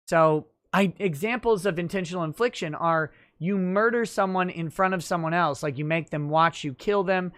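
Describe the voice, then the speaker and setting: A man's voice: fairly high pitch, a bit bright, no echo, studio quality. A man hosting a livestream talk show, explaining legal rules at length with frequent fillers. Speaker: host.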